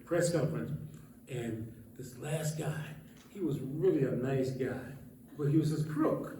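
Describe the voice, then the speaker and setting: A former police chief tells a funny story to a church meeting, laughing often and acting out the dialogue he quotes. His voice is medium-pitched and dark, a bit slow, with slight hiss or hum. The recording sounds distant, in an echoey hall.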